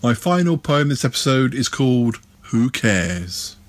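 A man's voice: mid-range voice, sing-song, a little slow, no room sound. A man reading his own comic poems aloud, with a theatrical delivery that swoops up and down for effect. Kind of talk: comic verse recitation.

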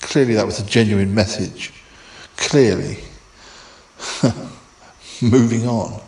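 A man in a comedy sketch who reassures gently and hesitantly, often stammering as he talks. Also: on the low side, slow. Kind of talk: comic sketch dialogue.

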